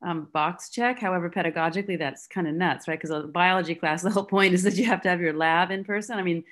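A biology instructor speaking frankly in a staff meeting over a video call. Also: female voice, fairly low pitch, fairly even intonation, quick pace, fairly bright tone. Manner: frank, conversational. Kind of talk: online staff meeting discussion.

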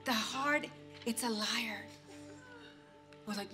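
A woman pastor giving an animated sermon, acting out everyday scenes and talking straight to the congregation. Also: a little high, moderate pace, faint music behind. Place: church stage.

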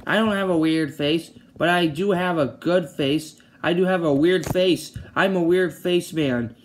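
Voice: mid-range voice, a little slow, a little hiss or hum, natural voice. A person voicing a cheerful, blunt cartoon sponge puppet, repeating short answers over and over. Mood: silly.

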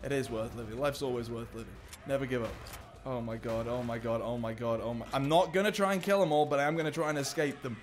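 A man's voice: mid-range voice, fast talker, slight background noise. A young man commentating a video game playthrough, joking and talking to the characters on screen. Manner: excitable, jokey, talks to the game characters. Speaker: gaming YouTuber. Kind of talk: let's play commentary.

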